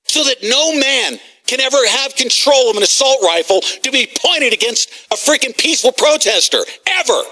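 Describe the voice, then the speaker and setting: A man hosting a talk radio show, ranting agitatedly, shouting and swearing at callers and officials. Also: very high-pitched, animated, normal speed, few pauses. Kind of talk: heated talk radio rant.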